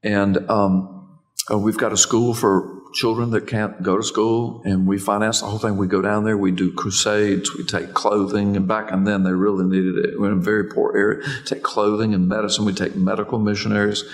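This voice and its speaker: An older man from Florida, a pastor, telling a story in a sermon with animated, repetitive narration. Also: on the low side, normal speed, rough recording.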